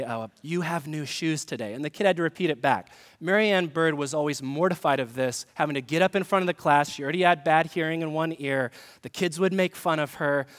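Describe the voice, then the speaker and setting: A pastor with a slightly high, somewhat bright voice preaches in a church sanctuary where the sound fills a large room. His sermon is conversational, mixing humor with direct questions to the congregation.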